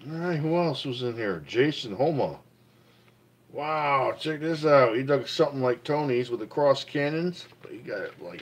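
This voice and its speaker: There's slight hiss or hum behind this man's medium-pitched voice. As a casual livestream host, he excitedly reads out what he's found in a magazine, praising it repeatedly and greeting those watching in chat.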